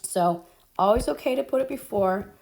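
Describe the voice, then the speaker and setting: A woman's voice: mid-range voice, lively intonation, creaky, a little mellow, slight background noise. A woman teaching Spanish grammar at a whiteboard, explaining step by step with frequent ums. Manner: slow, explaining step by step with fillers.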